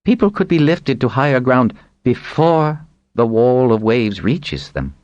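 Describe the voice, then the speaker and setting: A man's voice: mid-range voice, big pitch swings, a little slow, a little mellow, no room sound, muffled recording, pitched above the performer's own voice. A man voicing an anxious male scientist who earnestly warns of a coming disaster in an audiobook. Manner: earnest, hasty.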